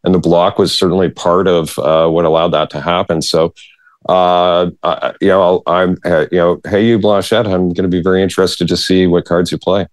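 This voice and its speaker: A man on a political podcast panel, talking in a measured, halting way. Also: low voice, fairly even intonation, dry recording. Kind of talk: casual podcast discussion.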